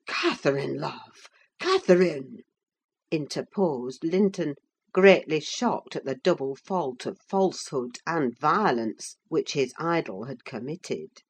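A woman narrating a classic novel as an audiobook, in a measured, unhurried reading. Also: sits low, expressive, slightly rough. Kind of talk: scripted narration.

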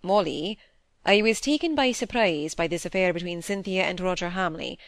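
A woman reading the part of a kind, worried middle-aged male doctor speaking to his daughter, gentle and reassuring. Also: fairly low pitch, moderate pace, no room sound, lightly acted. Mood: earnest. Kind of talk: audiobook character reading.

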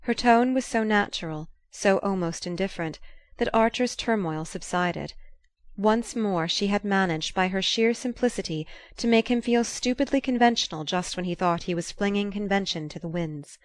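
A woman narrating a novel as an audiobook in a measured, even reading. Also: medium pitch, dry recording, studio quality.

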